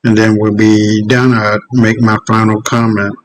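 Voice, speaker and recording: A man hosting his own show, ranting in casual commentary, profane and heated, pausing often to search for clips. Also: on the low side, level tone, slight background noise, rough recording. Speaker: host.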